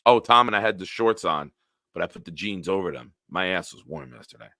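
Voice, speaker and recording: A man's voice: low-pitched, lively intonation, a little fast, gravelly, sharp tone, no room sound, studio quality. A man hosting a casual live-stream sports talk show, ranting with lots of profanity and answering chat comments.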